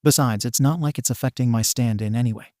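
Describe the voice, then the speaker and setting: A self-styled god in a storybook reading lays out the rules in a matter-of-fact, lecturing tone, as a man reads him. The voice sits at a middle pitch and is recorded dry and close. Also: quick pace, dark tone, no room sound, natural voice. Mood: explaining. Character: self-proclaimed male god explaining rules.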